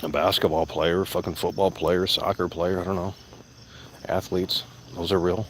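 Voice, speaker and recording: A man with a deep, low voice rants casually while outdoors, swearing freely and circling back over his points. Faint crickets and insects chirp in the background. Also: level tone, normal speed, slight background noise. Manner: profane, blunt, repeats himself. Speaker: vlogger. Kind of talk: casual rambling rant. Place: outdoors among plants.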